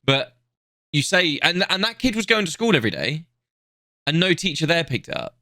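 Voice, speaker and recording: A man's voice: on the high side, normal speed, dry recording, studio quality. A young man chatting casually on a podcast, telling stories with lots of swearing. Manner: sweary, animated storytelling. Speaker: podcast co-host. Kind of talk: casual chat.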